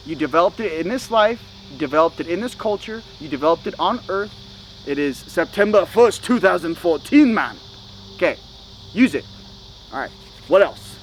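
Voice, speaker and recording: A man's voice: high voice, a little hiss or hum, rough recording. Slangy man in a casual spiritual vlog. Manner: loose and slangy, with many fillers like "you know" and "okay". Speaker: spiritual channel host.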